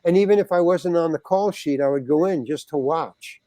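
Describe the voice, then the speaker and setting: An older man speaks as a podcast guest in a fairly high voice, close to a dry mic with no room sound. He tells a rambling, animated story, padding it with fillers and slipping into other people's voices as he goes. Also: fairly quick, no echo.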